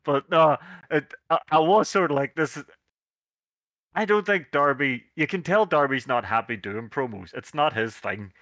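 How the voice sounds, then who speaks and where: Sweary man with a bright voice. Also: a little high, moderate pace, no room sound. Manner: sweary, animated retelling of wrestling shows. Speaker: podcast co-host. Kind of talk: casual chat.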